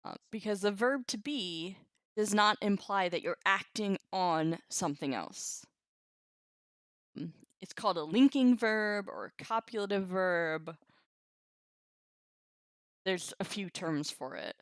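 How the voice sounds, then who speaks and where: Lively, slow-talking woman teaching on a stream. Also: medium pitch, no echo, studio quality. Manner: chatty, laughs often, reacts to chat comments. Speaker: Latin teacher on a live stream. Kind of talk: casual live-stream lesson.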